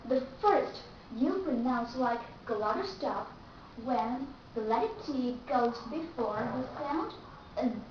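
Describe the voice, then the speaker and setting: High-voiced woman teaching, echoey. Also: lively intonation, slight background noise. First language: Vietnamese. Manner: slow, careful, repeats example words. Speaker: English pronunciation teacher. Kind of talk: online pronunciation lesson. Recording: echoey room, distant mic, dull and lo-fi.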